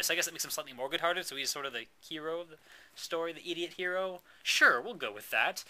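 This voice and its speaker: Young man, slightly high and piercingly bright; rambling improv storyteller who keeps questioning his own plot. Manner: rambling, self-interrupting, argues with himself.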